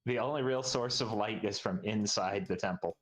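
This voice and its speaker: A man playing in a tabletop game, chatty and quick to poke fun at himself. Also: fairly low pitch. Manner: chatty, self-mocking. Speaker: player. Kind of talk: casual tabletop game chat.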